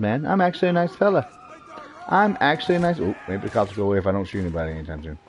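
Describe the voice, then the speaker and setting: A man's voice: mid-range voice, rapid-fire, lo-fi sound, a little hiss or hum. A man streaming a shooter game, commenting playfully as he taunts enemies and acts mock-offended. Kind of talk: live gameplay commentary.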